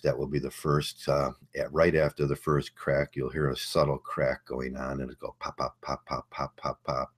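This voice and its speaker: A man's voice: very deep voice, husky. A man hosting a livestream, talking casually and rambling with many fillers. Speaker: livestream host.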